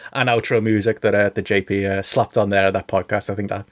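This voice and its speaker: Fast-talking man chatting on a podcast. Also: lowish voice, flat delivery, dry recording, studio quality. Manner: rambling, filler-heavy chatter. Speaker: podcast co-host. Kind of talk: casual chat.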